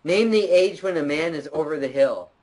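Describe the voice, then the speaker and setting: Goofy excitable young man, lively voice. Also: fairly high pitch, moderate pace, poor audio. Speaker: channel host. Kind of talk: casual gameplay chat.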